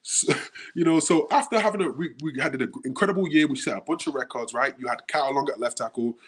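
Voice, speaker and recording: A man from the UK, a guest on the show, telling animated stories in casual chat and acting out the quotes. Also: medium pitch, a little fast, slightly rough. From United Kingdom. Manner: animated storyteller, acts out quotes.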